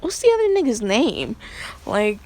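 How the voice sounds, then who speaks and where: A woman's voice: fairly high pitch, huge pitch swings, moderate pace, warm tone. A woman casually retelling a fan story, rambling with crude slang and frequent laughs.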